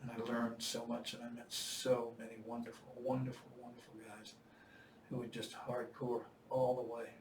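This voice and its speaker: An older man telling a war-veteran story in casual, animated style, acting out the voices he quotes. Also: medium pitch, moderate pace. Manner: animated, acts out quoted voices with bursts of loud shouting. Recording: echoey room, distant mic, faint noise.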